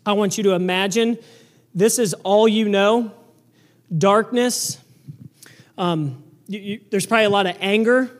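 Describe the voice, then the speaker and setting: A man with a strikingly high voice preaches a sermon into a microphone. He is loud and earnest and often stumbles and repeats words as he drives his point home. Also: a little slow, long pauses. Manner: loud, earnest, repetitive restarts. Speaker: pastor.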